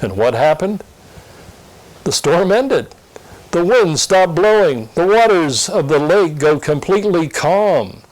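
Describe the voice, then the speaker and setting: A man presenting a scripted Sunday school lesson preview in an earnest, expressive teaching tone. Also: on the high side, slow, poor audio. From Pennsylvania.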